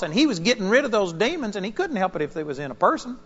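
A male pastor preaching a sermon, an animated storyteller with sudden loud bursts. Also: high voice, quick pace, few pauses, lo-fi sound.

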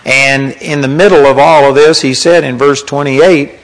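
A man's voice: medium pitch, steady tone, normal speed, rough recording. A man preaching a sermon in a conversational teaching manner, reading scripture aloud as he goes.

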